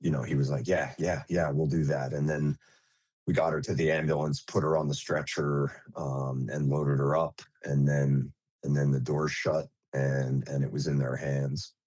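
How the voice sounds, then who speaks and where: A man who is a nurse, recounting an emergency as an interview guest in a halting way, with many fillers and restarts. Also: rumbling low, flat delivery, a little mellow, no room sound.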